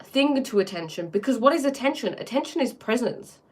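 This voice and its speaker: A woman streamer muses out loud to her viewers in a loose, excited way, full of filler words and tag questions. She drifts between thoughts and admits she talks too fast when she gets excited. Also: a little high, slightly rough. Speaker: livestream host. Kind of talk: casual spiritual talk to a live chat.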